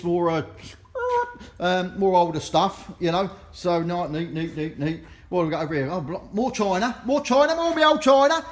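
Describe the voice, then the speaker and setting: A middle-aged man from London with a Cockney accent, chatting jokily as he walks through an auction preview and keeps tagging "right?" onto his sentences. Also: sits high. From London, England. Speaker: auctioneer giving a preview tour. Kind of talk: casual walk-through chat. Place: auction building, walking indoors.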